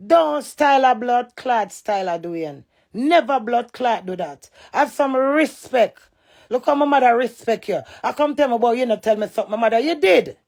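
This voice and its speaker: A middle-aged woman with a Jamaican accent, ranting loud and cantankerous on a live stream and swearing in patois. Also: on the high side, expressive, normal speed. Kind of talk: heated live-stream rant.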